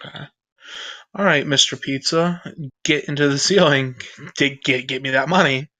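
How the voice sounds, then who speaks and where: Brisk man playing a tabletop game. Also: mid-range voice, sharp tone. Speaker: player. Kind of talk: casual tabletop role-play.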